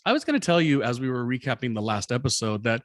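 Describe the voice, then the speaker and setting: A man hosting a casual recap podcast, rambling and hesitant, filling pauses with lots of ums. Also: medium pitch, big pitch swings, no room sound, clean studio sound. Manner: rambling, hesitant with many fillers. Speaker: podcast host.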